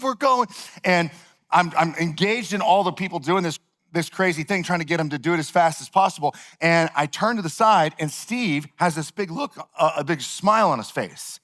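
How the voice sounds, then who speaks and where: Lively conversational man preaching. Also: fairly high pitch. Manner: animated, conversational, heavy use of "like". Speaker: pastor. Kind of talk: sermon with personal storytelling.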